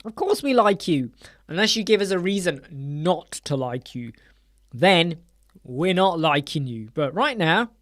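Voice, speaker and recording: A man's voice: a little high, expressive, a little slow, fairly bright tone. Blunt male live-stream host, emphatic, rhetorical questions. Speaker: web design channel host. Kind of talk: live stream chat to viewers. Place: small dark soundproofed room.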